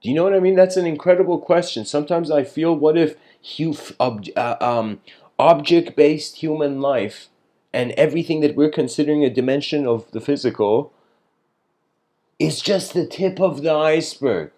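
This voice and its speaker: A man's voice: on the high side, moderate pace, mellow. A man talks through big ideas in a casual, meandering monologue. He stumbles over his words, restarts sentences and breaks into laughter between thoughts. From Iran. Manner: rambling, lots of fillers and restarts, laughs often. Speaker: speaker giving a philosophical talk.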